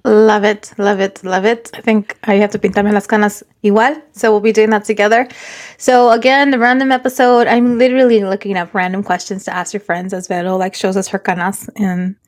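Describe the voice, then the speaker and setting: A woman's voice: mid-range voice, level tone, a little fast, dry recording, clean studio sound. A middle-aged woman hosting a casual chat over a video call, telling stories animatedly and mixing Spanish phrases into English. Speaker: podcast host.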